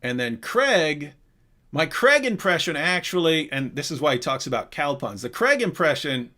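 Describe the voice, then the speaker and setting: In casual livestream chat, a male Q&A host speaks animatedly and rambles, frequently interrupting himself and restarting. His voice sits on the high side, delivered at a moderate pace.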